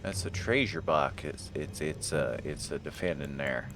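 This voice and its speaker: A man's voice: a bass voice, normal speed, noisy background. A man streaming a game live, joking with his chat, swearing at misses and reading item text aloud. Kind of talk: live gameplay commentary.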